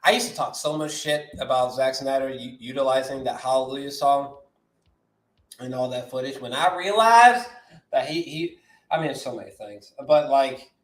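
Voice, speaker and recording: A man hosting a movie news vlog, ranting with lots of swearing and swinging from shouting to muttering. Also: medium pitch, moderate pace, roomy sound. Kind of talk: animated solo movie-news rant.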